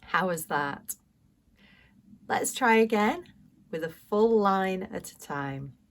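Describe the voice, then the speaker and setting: A woman with a British accent teaching English pronunciation, speaking clearly and deliberately with pauses for learners to repeat. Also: medium pitch, animated. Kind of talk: slow pronunciation lesson.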